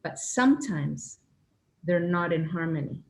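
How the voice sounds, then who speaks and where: A woman telling a personal spiritual story in an earnest, animated way, acting out her own inner voices. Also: on the low side, a little slow, gravelly. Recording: echoey room with faint ambience.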